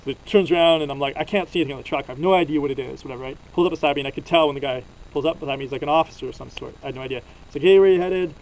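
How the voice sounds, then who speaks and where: A man's voice: medium pitch, steady tone, very fast, few pauses, a little hiss or hum, low-quality recording. A young man from Canada telling travel stories in a casual, rambling vlog, full of fillers, recorded outdoors at a desert campsite. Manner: rambling, filler-heavy storytelling. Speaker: vlogger.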